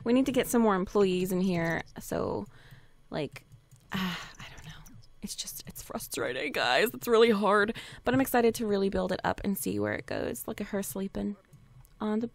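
A young woman commentates her game from a home desk setup, chatty and giggly with a steady stream of "like". Her voice sits at a middle pitch. The condenser mic sounds close and dry, with no room echo. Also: normal speed. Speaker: let's play host. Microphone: desk USB condenser mic.

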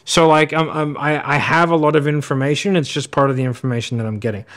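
Man reacting to sales clips. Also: on the high side. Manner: quick, animated, acts out sales calls. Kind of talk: casual commentary.

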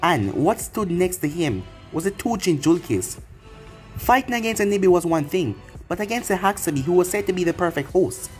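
A man reading a fan fiction story aloud, steady and plain. His voice is a little higher than most men's, and soft music plays faintly behind him. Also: fairly quick. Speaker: narrator.

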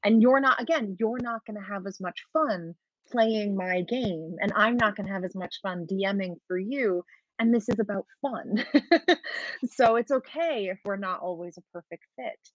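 A woman game master talking shop in a relaxed, easy chat. She laughs often and trails off mid-thought before picking her point back up. The sound is dry and a little dull, as if it comes over a video call. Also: medium pitch, moderate pace, no echo. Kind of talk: casual talk-show chat.

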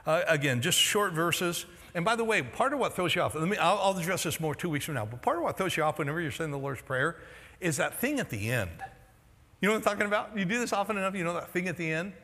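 Male pastor, raised pitch, animated sermon style, voice going hoarse, big reverberant sanctuary. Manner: animated, jokey storytelling with quick voice swings. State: losing his voice. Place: large church hall. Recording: long hall reverb in a church auditorium.

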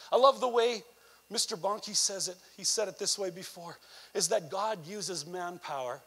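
Canadian evangelist guy, high voice, chatty sermon with lots of "you know", gets loud and fired up. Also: normal speed, breathy edge. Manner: animated preaching that swells into emphatic near-shouts; conversational asides with frequent "you know".

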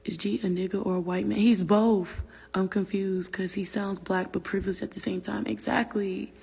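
With a mid-range, steady voice at normal speed, she sounds creaky, darkish, and slightly rough, trailed by long reverb. The woman chats casually on a phone livestream from her family room, reading comments, rambling, swearing freely, and lowering to whispers.

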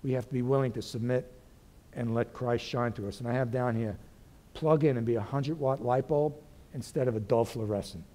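A male pastor preaching a sermon in a folksy way, calling out to the congregation and swinging from loud declarations to very soft asides. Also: mid-range voice, fairly even intonation, fairly quick.

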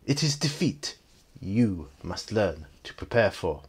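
Man quoting menacing older male villain, calm, measured, slow, low voice. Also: husky, full character voice.

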